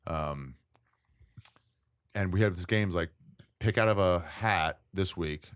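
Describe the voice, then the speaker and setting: A man, a comedian guest, telling stories in casual chat, lively and laughing often as he acts out what others said. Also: low voice, slow, clear, resonant tone. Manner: animated storyteller, acts out quotes, laughs often. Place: tent.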